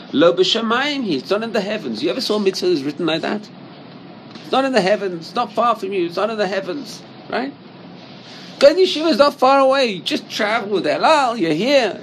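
Animated man teaching a Torah class. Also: sits high, a little hiss or hum, poor audio. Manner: animated, rhetorical questions, mixes Hebrew into English. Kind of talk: Torah class with Hebrew quotes.

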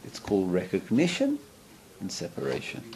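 A man's voice: low-pitched, huge pitch swings, moderate pace, vocal fry, darkish tone, breathy edge. A man teaching a Torah lesson as a rabbi, earnest, often asking his listeners questions. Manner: earnest, asks the listeners questions, acts out voices.

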